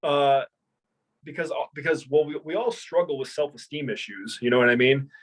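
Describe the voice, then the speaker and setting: A man's voice: medium pitch, moderate pace, low-quality recording. A young man, a martial arts instructor, talking casually in an interview and telling stories with lots of repeats and restarts. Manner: animated storyteller, many repeats and restarts.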